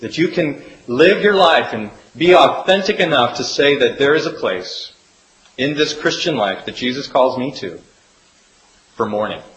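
A man preaching a sermon as pastor, speaking earnestly and swinging between emphatic rises and hushed, drawn-out drops. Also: medium pitch, expressive. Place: church sanctuary. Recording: echoey room with faint hiss.

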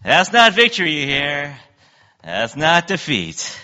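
A man voicing Moses with a slow, deadpan delivery during a sermon. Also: fairly high pitch, full character voice. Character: deadpan Moses, an older male leader. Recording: dull lo-fi recording.

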